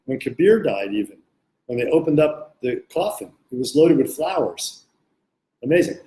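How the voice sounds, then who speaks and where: A man's voice: medium pitch, darkish tone. A man teaching meditation in a casual question-and-answer talk, blunt and joking in his manner. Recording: roomy echo.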